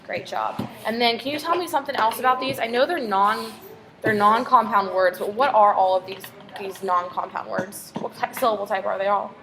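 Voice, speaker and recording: A woman's voice: mid-range voice, steady tone, normal speed, crowd noise. Patient woman teacher prompting a pupil. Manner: patient, encouraging, full of prompting questions. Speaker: reading teacher. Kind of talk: one-on-one phonics tutoring.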